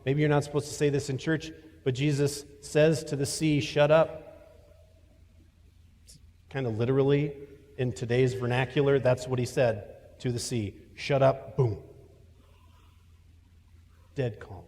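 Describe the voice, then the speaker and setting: A man preaching a sermon as a pastor, telling a story in a voice that swings from loud to hushed. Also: medium pitch, steady tone, normal speed, long pauses, big-room sound. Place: church.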